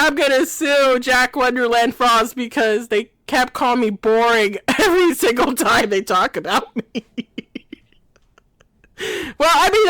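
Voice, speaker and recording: A woman's voice: sits high, a bit bright, no echo. A woman talking in a rambling comic monologue, constantly laughing through her words and apologizing. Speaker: video creator.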